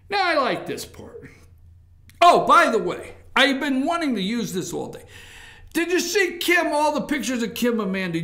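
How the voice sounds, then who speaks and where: A man hosting a talk show, delivering animated political commentary full of sarcasm. His voice sits high and swings widely in pitch. The sound carries a noticeable room echo.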